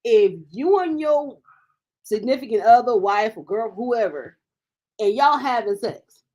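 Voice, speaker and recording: A woman co-hosting a talk show in a casual debate, speaking a little higher than most women. She lays out her points with emphasis and cuts in with repeated "wait" and "okay" to hold the floor. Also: animated, measured pace, a little mellow. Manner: emphatic, keeps cutting in with "wait".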